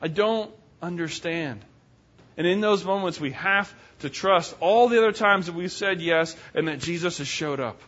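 Male preacher, high-pitched, animated storyteller, muffled lo-fi recording. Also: normal speed, few pauses. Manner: animated, folksy, acts out characters. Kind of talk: sermon storytelling. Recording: dull lo-fi sound.

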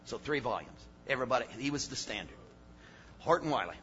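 An older man preaching a sermon, dropping to low asides and then rising to shouted emphasis. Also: fast talker, a little hiss or hum. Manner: animated, swings from low mutters to shouted emphasis. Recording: dull lo-fi sermon recording.

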